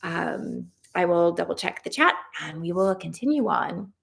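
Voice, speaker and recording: Gravelly woman leading a tapping session. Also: fairly low pitch, animated, a little slow. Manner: soothing, affirming, encouraging. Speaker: EFT tapping practitioner leading a live session. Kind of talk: guided tapping script, then reading live chat. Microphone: livestream camera mic.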